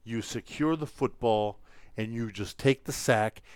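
A man co-hosting a casual football talk show, recapping plays with lively, dramatic emphasis. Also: mid-range voice, a little slow, clean tone, dry recording. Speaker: co-host. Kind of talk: casual sports chat.

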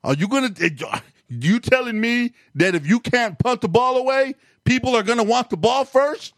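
A man's voice: very high-pitched, animated, moderate pace, a bit bright, no echo, studio quality. A man co-hosting a casual sports talk show, emphatic and riled up, repeating his points. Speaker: co-host.

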